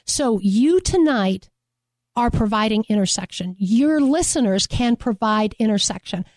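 A woman's voice: on the high side, expressive, unhurried, darkish tone, no room sound, clean studio sound. A woman guest from a domestic violence agency, speaking passionately and emphatically in a radio interview and repeating her key phrases. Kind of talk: earnest radio interview talk.

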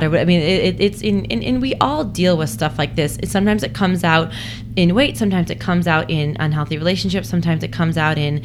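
A woman's voice: fairly low pitch, fairly quick, noisy background. A young woman talking casually as an interview guest, chatty with lots of fillers and restarts, acting out her own inner voice.

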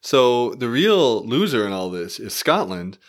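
A man appearing as a podcast guest, making dry, deadpan quips in casual chat. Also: mid-range voice, unhurried.

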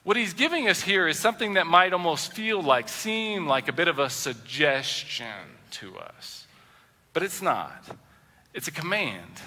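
A man preaching a sermon as a pastor, animated and acting out the voices he quotes. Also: on the high side, measured pace, in a large hall. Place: church sanctuary.

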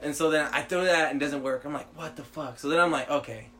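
A man's voice: a little high, fast, a bit bright, slight background noise. A young man telling a story in casual chat, swearing freely and acting out his own reactions.

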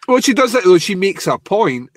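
A man's voice: high voice, sing-song, normal speed, no echo, studio quality. A man co-hosting a podcast, joking wryly and often laughing as he talks about a TV episode. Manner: wry, jokey commentary, laughs often. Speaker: podcast co-host. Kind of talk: casual chat recapping a TV episode.

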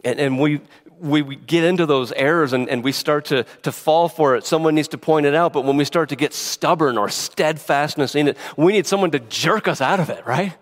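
A man's voice: fairly high pitch, fairly quick. A man preaching a sermon in an earnest, emphatic way, often restarting his words. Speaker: pastor.

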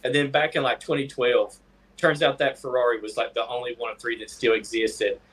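A man on a casual movie chat stream, telling a joking anecdote with quick laughs. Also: mid-range voice, fairly even intonation, a bit bright, slightly rough. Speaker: podcast co-host.

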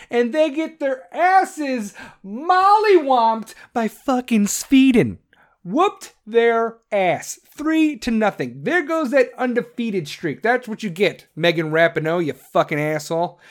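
A man from Chicago with a Chicago accent, hosting a podcast in a brash, profane, joking rant. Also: very high-pitched. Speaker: podcast host. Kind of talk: casual ranting monologue.

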